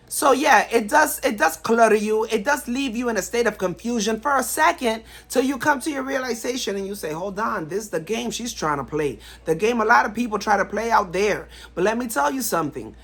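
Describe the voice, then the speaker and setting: A woman's voice: on the high side, a bit bright, breathy edge. A woman vlogger talking straight to camera in a blunt, emphatic way, often repeating herself for stress. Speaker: vlogger giving life advice. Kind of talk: casual talk to camera.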